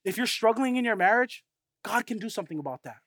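Man, 30s, pastor, sermon, high voice, dry close sound, conversational, animated storytelling. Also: fast talker, dry recording.

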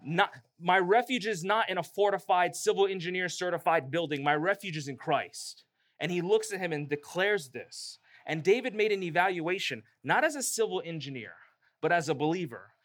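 Pastor, male, emphatic sermon delivery, slightly higher voice. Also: lively intonation, normal speed, a bit bright. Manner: emphatic preaching with rising emphasis.

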